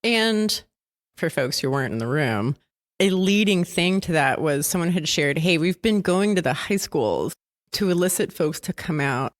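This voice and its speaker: A woman's voice: lowish voice, expressive, normal speed. A woman guest-hosting a podcast in casual chat at a conference happy hour, giggly and self-deprecating. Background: drinks and chatter.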